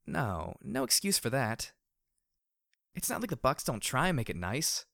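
A crude, chatty young mare guard, as a man puts her on speaks in a lifted voice that sits above his own. She talks briskly and casually, swearing freely. Her tone stays dry and close. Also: medium pitch, sing-song, no room sound, voice pushed up.

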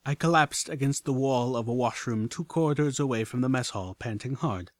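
A man giving an earnest, steady first-person story narration. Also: medium pitch, brisk, no room sound. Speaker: audiobook narrator.

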